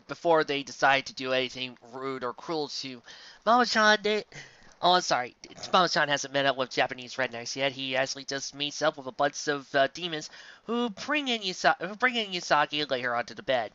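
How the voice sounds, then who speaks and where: A bright, forceful voice reads a fanfic aloud and keeps breaking off into sarcastic, exasperated rants. The recording sounds a little dull and lo-fi, and the room is dry and close. The reader is from the Southern United States. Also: mid-range voice, clean tone, dry recording. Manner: sarcastic, exasperated, jumps between reading and ranting. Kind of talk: comedic reading with sarcastic asides.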